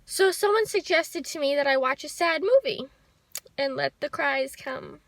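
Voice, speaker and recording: A young woman speaks to her camera in a personal vlog, soft, reflective and heartfelt. Her voice sits high and bright with a touch of gravelly fry. The sound is dry and close. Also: lively intonation, normal speed, no echo. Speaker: vlogger. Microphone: handheld camera.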